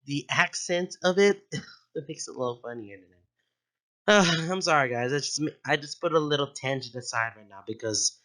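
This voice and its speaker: A man's voice: medium pitch, moderate pace, bright, forceful tone. A young man hosting his own channel, chatting casually, giggling often and drifting into tangents. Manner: giggly, goes off on tangents, corrects himself. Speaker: channel host. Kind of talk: casual rambling commentary.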